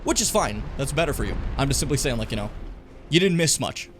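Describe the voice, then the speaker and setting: A man streaming a game, chatting casually and ranting with lots of swearing, loud one moment and muttering the next. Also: mid-range voice, quick pace, slight background noise. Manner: animated, swearing, ranting loudly then muttering. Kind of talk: casual gaming stream chat and rant.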